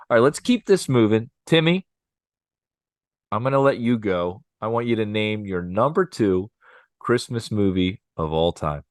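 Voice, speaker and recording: A man's voice: fairly low pitch, no echo. Upbeat man, dry close sound. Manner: upbeat, laughs often, does playful impressions. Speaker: podcast co-host. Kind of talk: casual chat.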